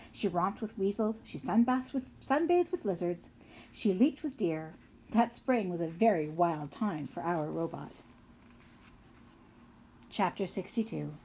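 A woman's voice: medium pitch, a little mellow, a little hiss or hum. Woman reading a storybook aloud. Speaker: audiobook narrator. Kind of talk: scripted narration.

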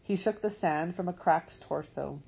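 Slow, husky-voiced woman narrator. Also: on the low side, rough recording. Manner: measured, steady reading. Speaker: audiobook narrator. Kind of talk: scripted storybook narration.

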